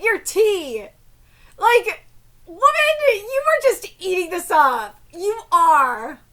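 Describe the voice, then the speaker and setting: A woman live-streaming a manga reaction. She reads translated lines aloud in a quieter voice and breaks into shrieks, laughter and casual swearing as she reacts. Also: very high voice, sing-song, slow.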